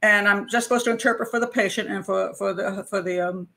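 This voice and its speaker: A woman host telling a true story to her viewers in a casual monologue. Her pitch sits in the middle, and she slips in laughs as she goes. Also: steady tone, quick pace, creaky, sharp tone. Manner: chatty, laughs often, acts out quotes. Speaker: criminal profiler and show host.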